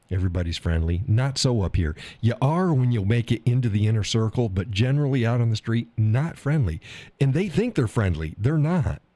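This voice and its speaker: Middle-aged man, Oklahoma accent, teasing stream host; dark, dry sound. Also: lowish voice, no room sound. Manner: laughs often, teasing and blunt. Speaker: live stream host reading chat. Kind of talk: casual chat.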